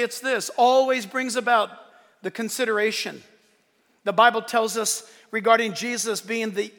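Animated high-voiced male pastor preaching. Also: big-room sound. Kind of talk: sermon.

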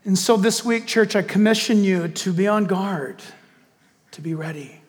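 A male pastor preaching a sermon and leading a closing prayer, animated, hushing his voice to act out a villain's lines. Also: high-pitched, moderate pace, long reverb tail.

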